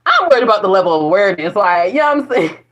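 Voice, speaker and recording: A woman's voice: mid-range voice, big pitch swings, rapid-fire. A woman vlogging in a casual spiritual monologue, rambling and profane, often breaking into laughter. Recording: dull lo-fi recording.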